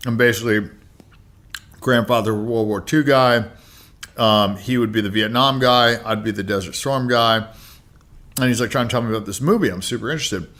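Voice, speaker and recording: Man, 30s, podcast guest: bright, forceful voice, loose profane storytelling full of filler words. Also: mid-range voice, normal speed. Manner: rambling, profane, lots of "like" and "you know". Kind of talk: casual storytelling.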